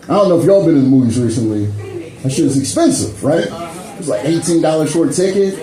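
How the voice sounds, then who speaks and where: Mellow, lively stand-up comedian man. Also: on the high side, fast. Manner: loose and conversational, tags lines with "you know" and "man". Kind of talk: stand-up set with crowd work. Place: comedy club stage. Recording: echoey club room, faint ambience.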